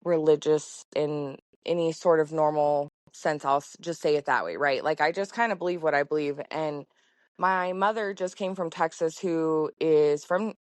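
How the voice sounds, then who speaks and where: A woman farmer talks through her story as a podcast guest, casual and heartfelt, with plenty of fillers. Her voice sits a little low. The sound is close and dry, with no room around it. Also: normal speed, no room sound. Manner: chatty, heartfelt, lots of fillers. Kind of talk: casual conversation.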